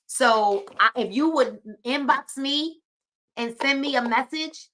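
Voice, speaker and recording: A woman's voice: sits high, slow, pushed and bright. A woman hosting a live book club stream, preachy and encouraging, often repeating her phrases.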